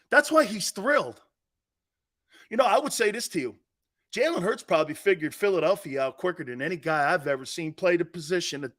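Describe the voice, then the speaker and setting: A man hosting a sports talk show, telling loud stories, acting out voices, swearing and laughing. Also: high-pitched. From East Coast of the USA. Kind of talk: animated sports radio monologue.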